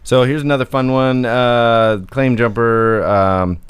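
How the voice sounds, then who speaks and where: A man's voice: medium pitch, fairly even intonation, slow, clear, resonant tone, dry recording. A man co-hosting a podcast in casual, joking chat, rambling and laughing often. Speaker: podcast co-host.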